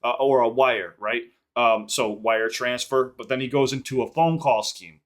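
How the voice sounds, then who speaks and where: A man hosts a music reaction video with a hip hop track playing faintly behind him. He's excitable and casual, swearing freely and often pausing to unpack the lyrics. His voice is medium-pitched at a moderate pace.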